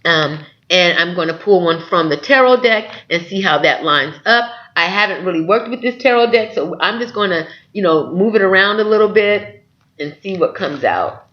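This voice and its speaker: Man, tarot reader, encouraging, earnest, fairly high voice, slightly dull lo-fi sound. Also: lively intonation, moderate pace. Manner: encouraging, earnest, often asks "okay?". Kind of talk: spiritual tarot reading to camera.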